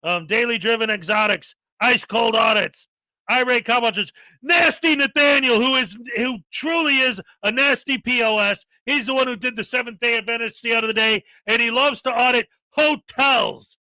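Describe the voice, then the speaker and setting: A man with a high, very bright voice rants through a casual live-stream chat and reels off long lists. The sound is close and dry. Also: normal speed, no room sound, rough recording.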